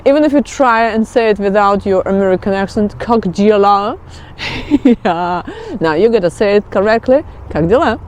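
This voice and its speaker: A woman's voice: medium pitch, a little mellow. A woman whose first language is Russian, teaching a casual video lesson in a playful, joking way and laughing often, recorded outdoors in a city.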